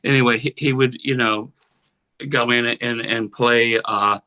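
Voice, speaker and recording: Bright-voiced older man telling stories. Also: mid-range voice, fairly even intonation, a little slow, clear, resonant tone, rough recording. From Pennsylvania, USA. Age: 70s. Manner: rambling anecdotes, acts out voices in quotes. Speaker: guest musician. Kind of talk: casual storytelling interview.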